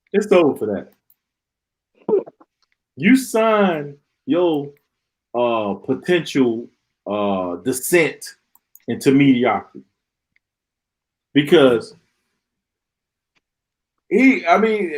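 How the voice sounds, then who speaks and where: A man's voice: a little high, big pitch swings, slow pace, pauses often, poor audio. A man hosting a live stream, ranting in an exasperated, sarcastic way and often repeating himself. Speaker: podcast host.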